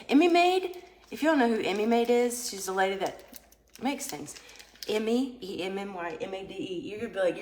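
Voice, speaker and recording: A woman's voice: mid-range voice, roomy sound, a little hiss or hum. A woman vlogging a casual product test, chatty and rambling, joking aside to her viewers. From United States. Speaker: vlogger product testing a vintage cooker.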